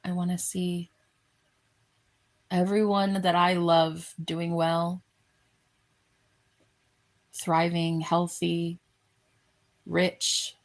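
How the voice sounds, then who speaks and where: A woman talking in a heartfelt, rambling vlog, full of halting restarts. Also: on the low side, flat delivery. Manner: earnest and effusive. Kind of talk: emotional personal vlog.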